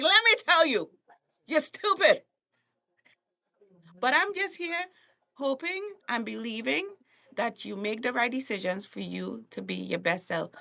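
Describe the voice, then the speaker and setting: A woman's voice: high-pitched, creaky, sharp tone. A woman from Trinidad with a Trinidadian accent, a coach and comedian speaking bluntly on a podcast, laughing often and acting out quotes. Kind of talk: animated podcast conversation.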